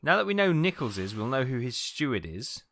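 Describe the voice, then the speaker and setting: A man's voice: medium pitch, sing-song, fairly quick. A man giving casual let's-play commentary, chatty and thinking aloud. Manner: chatty, muttering to himself as he thinks. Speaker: gaming video host. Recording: game music playing underneath.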